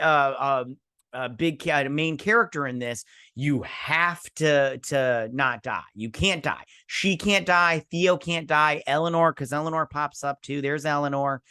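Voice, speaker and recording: A man's voice: on the high side, bright, forceful tone, clear, resonant tone, no echo, studio quality. A man hosting a casual episode recap and review, rambling and sarcastic as he retells the scenes. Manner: rambling, sarcastic, quotes characters in mock voices. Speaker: host.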